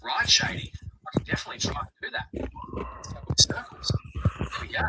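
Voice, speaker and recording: A man's voice: on the high side, very animated, a little fast, long pauses, in a whisper, recorded from a distance. A synthetic male voice with an Australian accent, an AI chatbot that answers eagerly, calls people mate and improvises raps on request. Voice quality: cheery, eager to please, calls everyone mate. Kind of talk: upbeat synthetic chat and improvised rapping. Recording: noisy stream capture with clicks.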